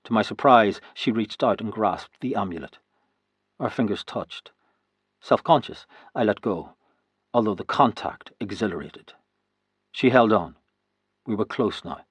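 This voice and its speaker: An audiobook narrator, male, reads a first-person historical novel in a steady, even manner. His low voice has a slight huskiness, and he keeps a measured pace with long pauses. The recording is dry and close, with no room sound or echo.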